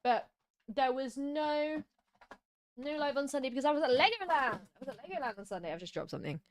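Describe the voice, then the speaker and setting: A woman's voice: high voice, animated, a little fast. A young woman from Britain chatting on a livestream and reading out viewers' messages, with a slightly scratchy throat. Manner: chatty, reads chat messages aloud. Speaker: streamer. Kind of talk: casual livestream chat.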